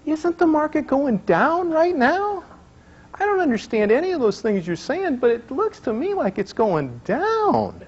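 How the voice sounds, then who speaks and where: Brief: man doing a little girl, earnest and pleading, pitched up high, dull lo-fi sound. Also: sing-song, a little mellow, husky, exaggerated voice. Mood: tearful pleading. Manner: high, pleading, slow childlike voice. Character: little girl, young daughter, earnest and gentle. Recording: dull lo-fi recording.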